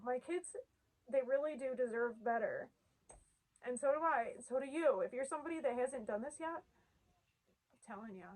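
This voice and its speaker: A woman's voice: fairly high pitch, a little mellow, low-quality recording. A woman in her thirties talking to camera in a heartfelt, earnest way, peppering her speech with "like" and at times tearful. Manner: earnest, heartfelt, uses "like" often. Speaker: vlogger sharing her denture journey. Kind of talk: emotional casual talk to camera.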